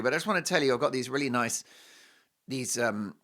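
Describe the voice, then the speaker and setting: A man's voice: medium pitch, fairly quick, sharp tone. A middle-aged man from Britain with a British accent, hosting a talk show with an opinionated monologue full of mocking, jokey asides. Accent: British English.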